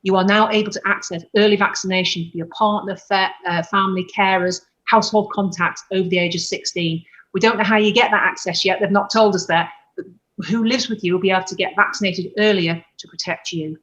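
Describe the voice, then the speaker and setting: A woman's voice: mid-range voice, fairly even intonation, fairly quick, a bit bright, muffled recording. A woman doctor giving an earnest conference presentation over a video call, correcting herself now and then. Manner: earnest, explanatory, with self-corrections.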